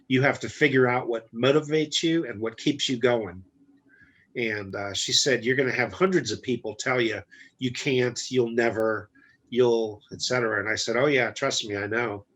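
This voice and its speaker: A man's voice: medium pitch, normal speed, lo-fi sound. A man, a business guest, telling a personal story in a casual interview, bluntly acting out the dialogue. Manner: blunt, animated retelling with quoted dialogue. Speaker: guest entrepreneur.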